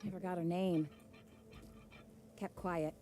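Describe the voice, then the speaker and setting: A woman's voice: fairly low pitch, fairly even intonation, takes it slowly, dark tone. A blunt frontier camp woman speaks in a video game. She talks in a plain, folksy way. Faint noise sits behind her.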